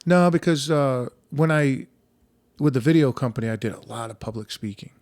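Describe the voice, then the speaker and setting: A man's voice: mid-range voice, moderate pace, darkish tone, no room sound, studio quality. A man hosting a podcast, chatting casually, telling stories with plenty of restarts and casual swearing. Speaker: podcast host. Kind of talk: casual conversational interview.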